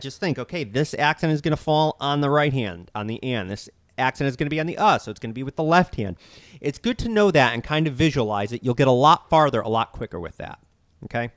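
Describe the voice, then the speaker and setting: A man's voice: on the high side, dry recording, studio quality. A man teaching a drum lesson, counting beats aloud and explaining each step plainly. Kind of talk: instructional lesson.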